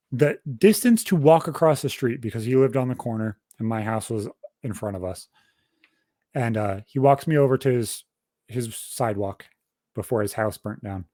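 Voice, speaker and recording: A man's voice: medium pitch, no echo, studio quality. A young man casually telling a long story on a podcast, swearing constantly and rambling through details. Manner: profane, rambling, animated storytelling. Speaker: podcast host.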